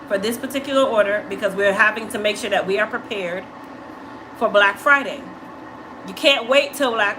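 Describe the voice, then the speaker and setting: A woman's voice: medium pitch, background noise. A woman who owns a hair care business, telling viewers a story in an assertive, emphatic manner and often checking in with "okay?".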